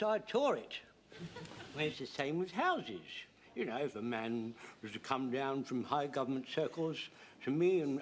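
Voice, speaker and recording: An actor playing a flustered old rambling butcher. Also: male voice, medium pitch, a little hiss or hum, natural voice. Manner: rambling, stumbling over words, nervous laughs. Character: flustered elderly male butcher, eager and rambling. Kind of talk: 1970s TV sitcom acting.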